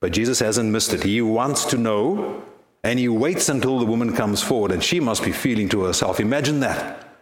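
A male pastor delivers an earnest sermon at a middle pitch, often turning to rhetorical questions. His voice echoes through the church. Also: moderate pace.

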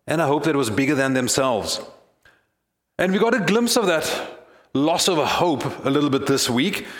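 A man's voice: on the high side, roomy sound. A male pastor preaching a sermon, telling stories in an earnest way and building to emphasis.

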